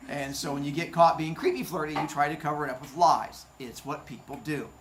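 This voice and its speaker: A man teaching a class, reading a novel aloud and breaking off to joke and comment in an animated way. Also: on the high side, brisk, roomy sound, noisy background. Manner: animated and joking.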